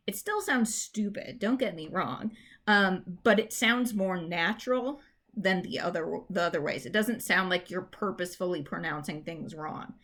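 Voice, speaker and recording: Woman teacher at middle pitch, informal, explains step by step. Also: a bit bright. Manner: explains patiently, reads verse lines slowly with stressed beats; chatty, informal fillers and restarts. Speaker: English teacher. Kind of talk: recorded classroom lesson.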